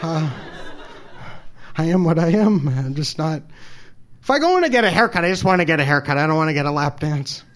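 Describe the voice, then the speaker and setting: A man's voice: on the high side, animated. Stammering, emotional man telling a story. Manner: halting, stammers and repeats words; openly emotional, self-deprecating. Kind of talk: personal story told live.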